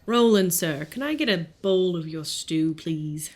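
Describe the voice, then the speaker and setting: A woman's voice: lowish voice, lively intonation, measured pace, a little mellow. A woman voicing a polite, friendly female adventurer in a tabletop game.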